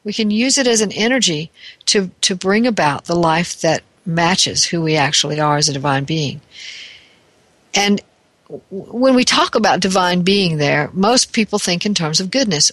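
A spiritual teacher talks through ideas in a reflective, searching way, often pausing to rephrase. The sound is close and dry, with no room echo. The pitch sits in the middle. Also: animated, a bit bright. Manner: thoughtful, searching, self-correcting.

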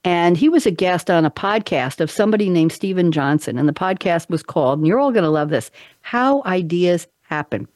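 Lady radio host chatting, lively, does little voices for quotes, dry close sound. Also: lowish voice, brisk, no room sound. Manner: animated, acts out quotes in other voices. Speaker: radio talk show host. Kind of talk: casual storytelling chat.

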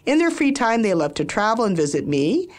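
An older woman hosts a radio talk show in a studio, chatting warmly through introductions with frequent laughs and little anecdotes. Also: on the high side, sing-song, brisk. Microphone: studio microphone.

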